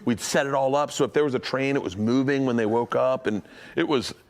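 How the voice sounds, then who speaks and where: A middle-aged man co-hosting a podcast in casual chat, an animated storyteller who swears freely. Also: medium pitch, a little fast. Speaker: podcast co-host.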